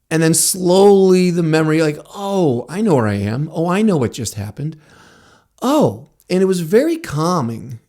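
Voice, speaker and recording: A man hosting a podcast, telling a personal story in a casual, animated way, laughing often and acting out what people said. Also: a little high. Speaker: podcast host, martial arts instructor.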